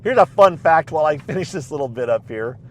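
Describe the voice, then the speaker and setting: A man's voice: on the high side, animated, quick pace, a little hiss or hum. Chatty man rambling in his car. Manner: chatty, rambling, many restarts and fillers. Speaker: recap vlogger. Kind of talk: casual rambling recap. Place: inside a car.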